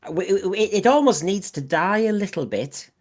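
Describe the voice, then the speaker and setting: A man's voice: high voice, animated, moderate pace. A man hosting a podcast in casual discussion, who often repeats words and restarts his sentences. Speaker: podcast host.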